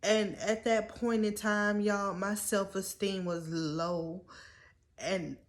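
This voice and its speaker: Slow, tearful woman pleading earnestly. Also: medium pitch, steady tone. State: holding back tears. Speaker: vlogger. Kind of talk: storytime vlog.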